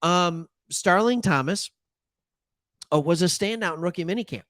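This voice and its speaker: A fairly high-voiced man from Michigan talks sports in a loose, animated way, tossing in jokes and side comments as he goes. The sound is dry and close, with no room around him. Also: moderate pace, dry recording. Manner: animated, joking asides, plays imagined callers. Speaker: sports talk show host.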